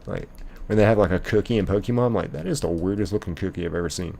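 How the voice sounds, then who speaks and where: Deep-voiced young man reading chat. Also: fast talker, creaky, warm tone. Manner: rambling, reads chat messages aloud, many ums and likes. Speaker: streamer. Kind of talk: casual live-stream chat reading.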